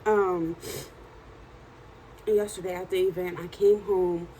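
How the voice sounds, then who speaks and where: A woman in her thirties with a hoarse, worn-out voice, chatting in a casual video diary at home at night, tired and animated as she tells stories. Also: lowish voice, unhurried, slight background noise, rough recording. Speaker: vlogger and journal author.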